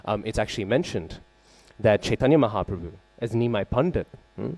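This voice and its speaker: A man leads a scripture class at a temple. His voice sits fairly low and sounds mellow and relaxed. He tells the story conversationally, with fillers, frequent "right?" check-ins, and open pauses to recall terms. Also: no echo. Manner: openly searches for names and terms. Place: temple hall.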